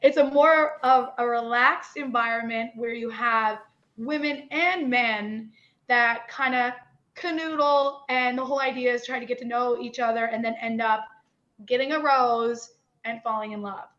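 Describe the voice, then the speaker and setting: A young woman with a Newfoundland accent talks openly and animatedly as a podcast guest. Her voice sits a little high. The audio is dull and lo-fi. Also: a little slow. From Newfoundland, Canada. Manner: animated, candid, lots of "like" and "you know". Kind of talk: candid interview chat.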